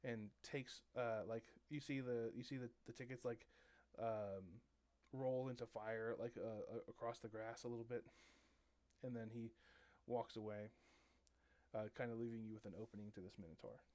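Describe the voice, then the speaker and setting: A man narrating a tabletop game as game master, halting and full of fillers. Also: mid-range voice, steady tone, darkish tone. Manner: halting, many fillers and restarts.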